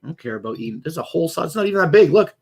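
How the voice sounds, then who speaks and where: A man's voice: on the high side, very animated, rapid-fire, gravelly, breathy edge. A man hosting a casual livestream at home, joking and swearing loosely. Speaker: livestream host.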